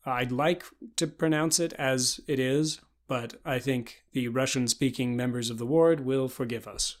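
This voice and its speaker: A man giving a pronunciation lesson, deliberately spelling out sounds one by one with example words. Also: medium pitch. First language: English. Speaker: pronunciation instructor.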